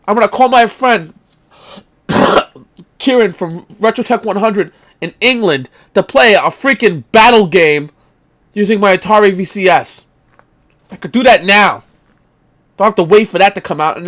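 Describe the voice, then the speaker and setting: A man with a high-pitched, fairly bright voice hosts his retro gaming vlog. In a casual rant and show-and-tell, he vents his exasperation, swears offhandedly and coughs now and then.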